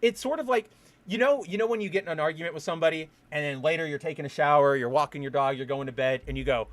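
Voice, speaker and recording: Male podcast host on a fired-up solo rant; a touch high, swears freely, trips over restarts. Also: fast. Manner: heated, profane ranting with frequent restarts.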